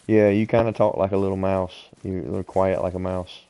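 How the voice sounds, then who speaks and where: Deep, flat-voiced man streaming a game. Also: no echo. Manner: unhurried, explains directions to other players. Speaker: gaming streamer. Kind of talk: casual gameplay chat.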